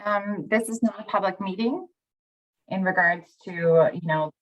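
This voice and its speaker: A woman's voice: mid-range voice, moderate pace, highs cut off. A woman speaking as a municipal clerk, giving matter-of-fact procedural advice to council.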